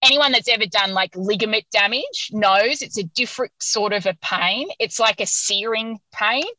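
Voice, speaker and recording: Bright-voiced woman telling a lively story. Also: mid-range voice, normal speed, no echo, poor audio. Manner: animated, laughs often while telling. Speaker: podcast guest. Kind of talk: casual storytelling interview.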